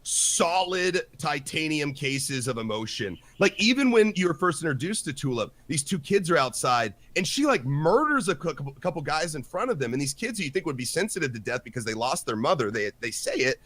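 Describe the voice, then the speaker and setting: A man co-hosting a casual podcast chat, talking in an animated, rambling way with lots of "like". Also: fairly high pitch, fairly quick, hardly any pauses. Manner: animated, rambling, heavy use of "like". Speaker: podcast co-host.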